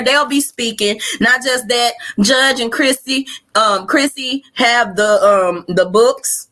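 A woman's voice: fairly high pitch, takes it slowly, few pauses, sharp tone. A woman with a Southern US accent hosting a live podcast, ranting bluntly with lots of profanity. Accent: Southern US (Arkansas). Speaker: podcast host. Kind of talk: livestream rant.

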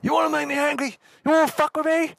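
A man voicing a big, angry Maori hostel worker with a New Zealand accent, shouting threats. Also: extremely high pitch, little pitch movement, fast, gravelly, voice pushed up, heavily acted. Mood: furious.

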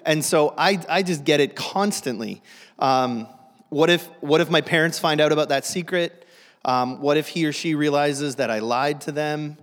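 A man's voice: on the high side, moderate pace, fairly bright tone, big-room sound. A man preaching a humorous sermon to a church, self-deprecating and joking, often restarting his sentences. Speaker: guest pastor. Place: church sanctuary.

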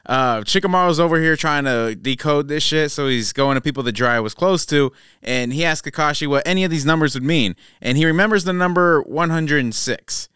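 A man co-hosting a podcast, swapping funny moments with animated, profane energy. His voice is bright and crisp, sitting a touch high. The recording is close and dry. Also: fairly quick, no room sound. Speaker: podcast co-host. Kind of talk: casual chat.

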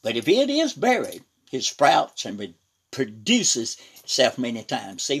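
A male preacher with a husky, slightly rough voice delivers a sermon at a middling pitch. His intonation leaps up and down as he reads scripture with emphasis. He keeps breaking in with "praise God" and "hallelujah", moving between loud and soft.

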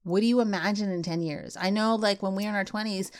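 A middle-aged woman hosting a podcast, talking casually and getting animated and worked up as she goes. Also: mid-range voice, fast talker, smooth. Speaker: podcast host.

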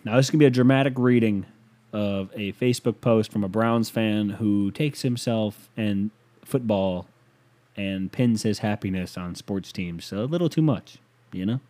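A man's voice: on the low side, normal speed, mellow. A man hosting a casual, comedic rant show, talking in a profane, sarcastic and rambling way.

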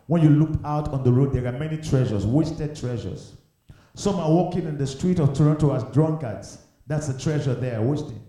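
A male pastor delivers a fervent sermon, repeating phrases and pressing rhetorical questions. His voice is mellow and a touch high. It rings around a very echoey empty church.

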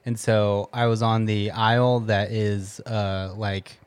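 A man's voice: lowish voice, level tone, slow, clear, resonant tone, no echo. A young man hosting a podcast, rambling through a casual chat with lots of fillers. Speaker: podcast host.

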